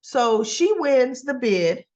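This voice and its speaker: Slow-talking woman recapping soap episodes. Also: high voice, very animated, a little mellow, highs cut off. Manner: chatty, often asks "right?" and acts out quoted lines. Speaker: soap opera reviewer.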